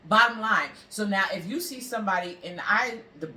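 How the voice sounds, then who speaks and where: A woman's voice: mid-range voice, fairly quick, sharp tone. A woman giving relationship advice in a casual chat, talking bluntly and with emphasis, and often checking that the listener agrees. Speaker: relationship advisor guest. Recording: roomy, distant mic with faint background noise.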